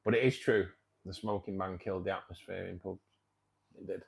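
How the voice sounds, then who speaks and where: A middle-aged Englishman hosts a casual live stream, rambling on and laughing as he answers viewer comments. His voice sits fairly low with a gravelly, creaky edge. His delivery stays loose and chatty. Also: fairly even intonation, brisk, poor audio. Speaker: livestream host of a fishkeeping club.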